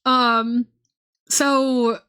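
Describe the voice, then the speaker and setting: A woman's voice: fairly high pitch, level tone, very slow, sharp tone, clean tone. A young woman streaming and chatting casually, rambling with lots of fillers and swearing. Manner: rambling, profane, many fillers.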